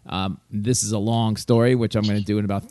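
A man, a podcast co-host and comedian telling a story in fast, animated casual chat. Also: on the low side.

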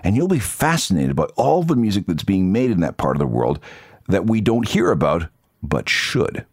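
A male podcast host narrates in a polished, scripted way, his pitch swinging up and down as he tells a story. His voice sits a little low, and the close studio mic leaves it dry, with no room sound. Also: big pitch swings, normal speed, breathy edge, dry recording. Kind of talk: scripted radio-style narration.

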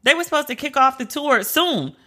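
Bright-voiced woman dishing celebrity news. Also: high-pitched, expressive, fairly quick. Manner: candid, chatty, emphatic asides. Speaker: pop culture commentator. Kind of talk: casual celebrity news commentary.

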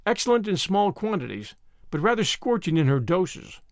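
A man's voice: big pitch swings, normal speed, no echo, clean studio sound. A man voicing an earnest, idealistic young woman teacher in a storybook reading. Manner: earnest, high-minded.

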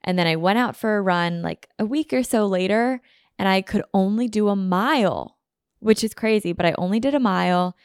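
A woman's voice: mid-range voice, normal speed, clear, resonant tone, no echo, clean studio sound. A woman hosting a solo podcast, chatting casually and rambling with lots of "like" fillers. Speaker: podcast host.

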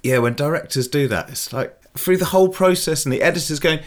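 A man's voice: on the high side, fairly quick, few pauses. A man hosting a podcast, chatting easily, laughing often and acting out voices in his anecdotes. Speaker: podcast host. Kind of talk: casual podcast chat.

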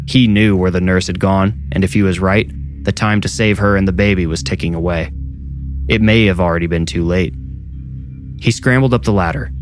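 A man narrating a horror story in a measured, suspenseful read. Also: deep voice, steady tone, soft background music.

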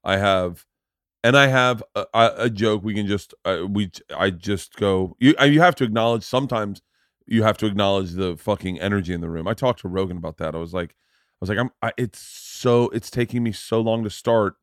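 A man hosting a podcast, telling family stories in an animated, casual way, swearing freely. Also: on the low side, a little fast, dry recording, studio quality. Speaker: podcast host. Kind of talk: casual conversational storytelling.

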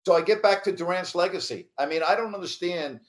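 A man's voice: high voice, quick pace. Emphatic, swearing sports talk man. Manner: emphatic, agreeing loudly, profane.

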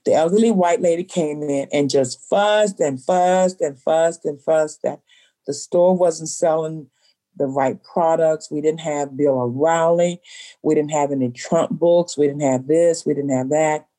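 A woman's voice: low voice, a little slow, dark tone. A woman who owns a bookstore, telling a story in an interview and acting out the voices of the people in it. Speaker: bookstore owner.

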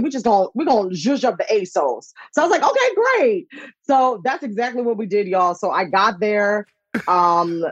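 A woman in her thirties tells a story with breathless excitement, often jumping up into squealing voices to quote people. Her voice sits a bit high and has a husky, breathy edge. The sound is dry, with no room around it. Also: no echo, highs cut off. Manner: excitable, laughing, jumps into high voices when quoting. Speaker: guest. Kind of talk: animated storytelling anecdote.

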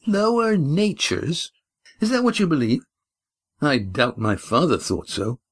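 A man's voice: a little high, wildly swooping pitch, unhurried, pitched above the performer's own voice, exaggerated voice. A man voicing a defiant, impatient young man in an audiobook, speaking earnestly and insistently.

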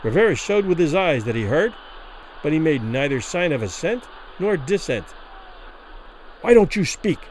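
Male narrator, dramatic storytelling, lively intonation, slightly raised pitch. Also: moderate pace, a little hiss or hum, rough recording. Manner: expressive, dramatic.

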